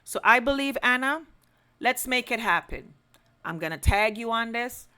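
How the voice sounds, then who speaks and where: A woman's voice: on the high side, lively intonation, moderate pace, pushed and bright, clean tone. A woman podcast host giving earnest, emphatic commentary straight to her audience, building up to pleading. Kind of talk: direct-to-camera commentary.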